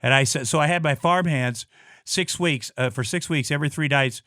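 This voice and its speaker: A middle-aged man from Iowa, a guest telling a personal story in casual talk, blunt and swearing often, halting with many restarts and repeated words. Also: fairly high pitch, pushed and bright, no room sound, studio quality. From Iowa, USA.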